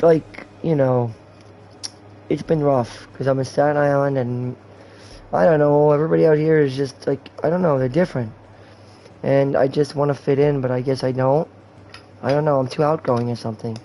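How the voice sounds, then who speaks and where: A man in his twenties hosts a gaming livestream, rambling candidly and cursing often in casual chat. His medium-pitched voice is gravelly and dark, and the rough recording carries a bit of hiss or hum.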